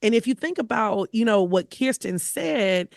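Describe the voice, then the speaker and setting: A woman's voice: a little high, animated, moderate pace, vocal fry, dry recording, clean studio sound. A woman co-hosting a podcast in casual chat, effusive and emphatic, recorded over a video call. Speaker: podcast co-host.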